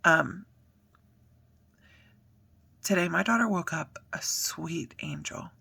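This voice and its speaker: Gravelly, bright-voiced mom telling a story. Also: female voice, fairly low pitch, slow pace. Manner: chatty, earnest, many fillers, acts out quotes. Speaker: mother documenting a diet change. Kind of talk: personal vlog storytelling.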